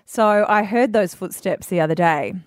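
A woman's voice: medium pitch, moderate pace, no room sound, clean studio sound. A woman co-hosting breakfast radio, telling stories and giggling often. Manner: giggly, storytelling. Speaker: radio co-host.

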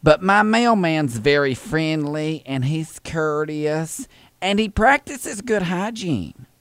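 A man's voice: a little high, expressive, slow pace, fairly bright tone, clear, resonant tone, dry recording. A man voicing a chatty older southern woman making a prank phone call, with a folksy Southern drawl. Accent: American Southern.

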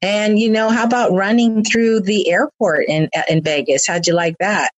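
A woman hosting a relaxed conversation, talking in a rambling, playful way with many fillers and restarts. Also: mid-range voice, moderate pace, no echo, low-quality recording. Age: older than the young dancers. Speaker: host and dance team leader. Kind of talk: casual conversation.

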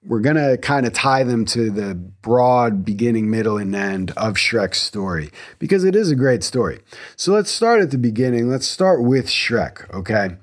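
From his home garage, a man in his thirties hosts a solo podcast, talking casually and eagerly, rambling and constantly interrupting himself to restart. His mid-range voice is sing-song at a normal speed.

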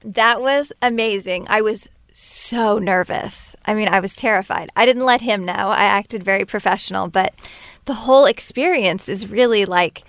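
A woman singer-songwriter telling stories as an interview guest, chatty and quick to laugh, acting out what others said in a lively voice. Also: mid-range voice, no room sound. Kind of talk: casual interview storytelling.

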